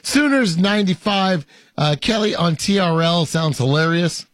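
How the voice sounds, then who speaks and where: A man's voice: sits high, expressive, moderate pace, fairly bright tone, no room sound, studio quality. A man hosting a casual talk show, reading viewer comments and talking playfully with many hesitations. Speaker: host.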